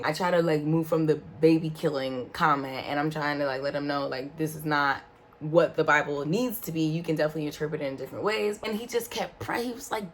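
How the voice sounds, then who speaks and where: A woman telling a story in a casual, animated way, with slangy asides and sudden exclamations. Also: fairly low pitch, a little hiss or hum. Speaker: vlogger. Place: indoor room in front of a backdrop.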